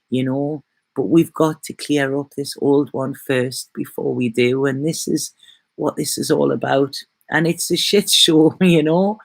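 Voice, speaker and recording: A woman reading tarot cards for her vlog, talking in a soft, gentle, rambling way that often turns emotional. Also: deep voice, dry recording. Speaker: tarot reader. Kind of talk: casual spiritual vlog chat. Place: at home in bed.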